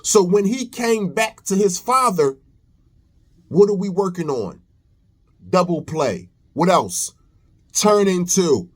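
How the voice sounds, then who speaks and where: A man's voice: high voice, very animated, slow pace, long pauses. A young man commenting on a reaction video in a preachy, emphatic way, repeating phrases. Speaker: commentary host.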